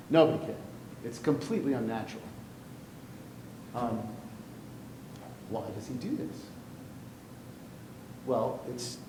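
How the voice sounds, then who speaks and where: Animated man lecturing in an echoey room. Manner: animated, playful, self-interrupting. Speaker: poetry teacher. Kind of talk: classroom lecture. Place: classroom. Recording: echoey classroom with faint rumble.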